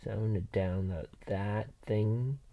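The audio sounds narrow and tinny as a man with a lowish voice and lively intonation talks a little slowly from bed. He rambles into a binaural computer mic, laughing frequently and swearing casually.

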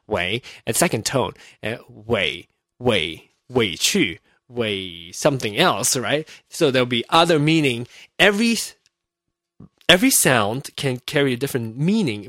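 Chatty male podcast host, lively pitch. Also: dry recording, clean studio sound. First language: Mandarin. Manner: rambling, self-interrupting, laughs easily. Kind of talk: casual solo podcast chat. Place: home.

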